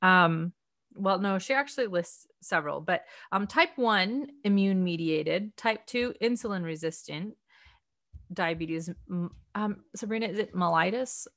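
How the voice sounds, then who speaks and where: A woman leading a casual book study discussion, thinking aloud in a chatty, earnest way with soft laughs. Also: mid-range voice, unhurried. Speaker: study group discussion leader.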